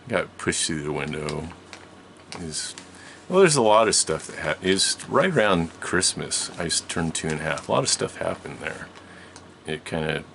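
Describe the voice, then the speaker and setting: A deep-voiced man with a gravelly, creaky edge, telling a personal story in a loose, rambling way. He often corrects himself mid-sentence. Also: fairly bright tone, a little hiss or hum.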